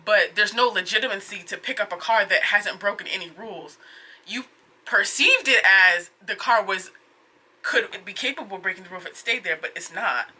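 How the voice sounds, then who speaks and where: A woman's voice: medium pitch, normal speed, slightly rough. A young woman vlogger recounting a frustrating run-in in a casual, exasperated way, full of "like"s. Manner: exasperated, animated retelling with many "like"s. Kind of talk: casual storytelling vlog.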